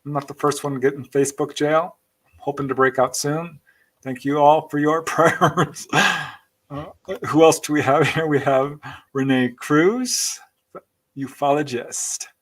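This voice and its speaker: A man's voice: fairly high pitch, unhurried, a bit bright. Chatty male podcast host reading chat. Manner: chatty and thankful, laughing between comments. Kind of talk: live-stream show, reading out viewer chat.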